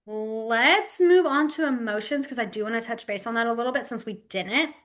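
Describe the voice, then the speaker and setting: A woman teaching a beginners' sign language class over a webcam, giggly and lively, acting out her examples with her voice. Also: a little high. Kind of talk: online class instruction. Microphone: webcam mic on a video call.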